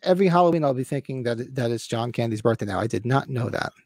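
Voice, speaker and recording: A man in his fifties co-hosting a casual livestream podcast, excited, swearing freely and acting out movie lines. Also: medium pitch, fast, dry recording, studio quality. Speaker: podcast co-host.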